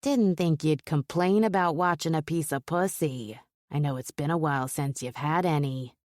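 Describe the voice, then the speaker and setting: A woman's voice: deep voice, normal speed, darkish tone, no room sound, studio quality, close to an everyday voice. A woman voicing a crude, mocking male gangster with a nasal voice in an audiobook. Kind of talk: audiobook character voice.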